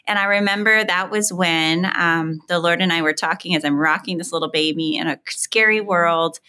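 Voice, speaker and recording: Mujer anfitriona de voz clara y brillante. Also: female voice, low-pitched, steady tone, moderate pace. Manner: warm and encouraging, asks open questions. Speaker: podcast host. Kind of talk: conversational interview.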